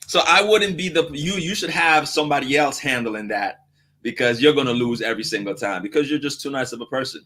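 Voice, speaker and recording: A man hosting a live question-and-answer show, talking in an animated, joking way and laughing often. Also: mid-range voice, brisk. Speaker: host.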